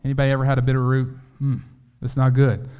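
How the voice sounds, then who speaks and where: A man's voice: mid-range voice, monotone, quick pace, mellow, clean tone. A man preaching a sermon in a conversational way, acting out quotes and often restarting his sentences.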